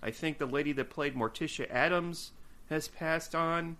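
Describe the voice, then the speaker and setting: A man co-hosting a fan podcast in casual chat, laughing often and pausing on fillers. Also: a little high, sharp tone. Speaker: podcast co-host.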